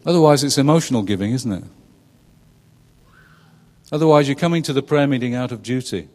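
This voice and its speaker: In a large church hall, a middle-aged pastor delivers a conversational sermon in a medium-pitched, slightly fast and mellow voice. He's chatty, often turns questions to the congregation, and laughs at his own jokes.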